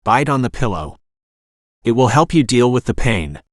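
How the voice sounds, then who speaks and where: A man with a synthetic narrator voice reading the lines of a calm, firm soldier with a dry sense of humor. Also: medium pitch, moderate pace, dry recording, lightly acted. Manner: steady, dryly humorous. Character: calm, firm male soldier caring for her.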